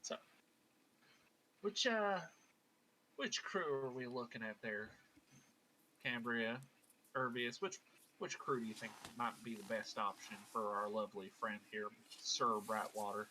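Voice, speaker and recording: A man's voice: mid-range voice, unhurried, long pauses, bright, forceful tone, a little hiss or hum, low-quality recording. A man running a tabletop role-play stream as game master, with a playful, bantering manner.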